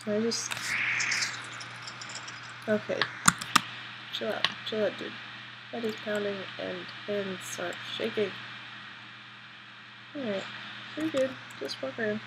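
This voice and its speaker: A woman doing let's play commentary, jittery and excitable, swearing at her character, on a built-in laptop mic. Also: medium pitch, slow, long pauses, heavy background noise. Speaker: gamer.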